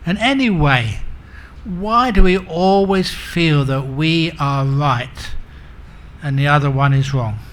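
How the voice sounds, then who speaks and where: A man acting as a monk teacher gives a humorous Buddhist dharma talk, telling stories and acting out the characters in a self-mocking way. His pitch is fairly high, his pace slow, and his tone a bit bright.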